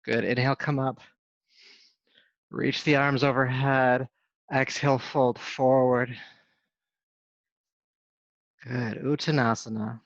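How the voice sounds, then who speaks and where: A man teaching a yoga class, giving calm, steady cues with soft hums between poses. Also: mid-range voice, takes it slowly, pauses often, no echo. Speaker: yoga instructor. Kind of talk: guided yoga class instruction. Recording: dull, dry sound.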